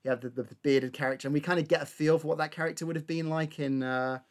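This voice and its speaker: Fast-talking man analysing films. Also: on the high side, steady tone. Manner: analytical, defends his reading point by point. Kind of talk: casual film discussion.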